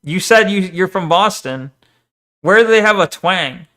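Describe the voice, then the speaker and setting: A man's voice: high voice, lively intonation, unhurried, pushed and bright. A streamer chatting casually on a live stream, rambling and arguing as he reads viewers' messages aloud and answers them.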